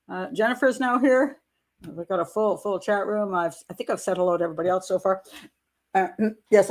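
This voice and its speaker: An older woman, a grandmother, hosts a casual livestream. She tells a story with indignation and dry humor, and her voice sits at an everyday middle pitch. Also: darkish tone. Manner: indignant storytelling, wry laughs. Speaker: host.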